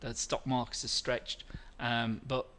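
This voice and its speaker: A man's voice: mid-range voice, little pitch movement, unhurried, pushed and bright. A middle-aged man hosting a live trading webinar, walking through charts, answering viewer questions and often correcting himself mid-sentence.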